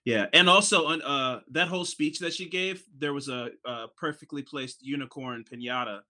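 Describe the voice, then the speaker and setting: A man co-hosting a casual recap podcast, excitable and gushing. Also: mid-range voice, normal speed, very noisy. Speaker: podcast co-host.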